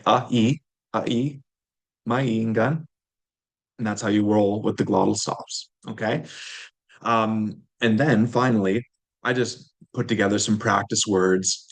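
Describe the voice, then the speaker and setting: A man giving a language pronunciation lesson, patiently modeling sounds and repeating them for learners to copy. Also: on the low side. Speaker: language teacher.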